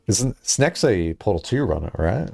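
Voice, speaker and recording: A man chatting casually on a live stream, rambling and laughing often, jumping up high when excited, on a headset mic. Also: moderate pace, gravelly, over music.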